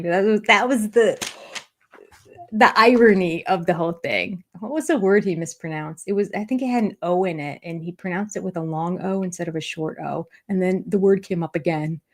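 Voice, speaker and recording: A woman's voice: lowish voice, normal speed. An older woman hosting a live chat about reality TV, talking casually and sarcastically and laughing often. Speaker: reality TV review host. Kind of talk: live-stream chat with viewers.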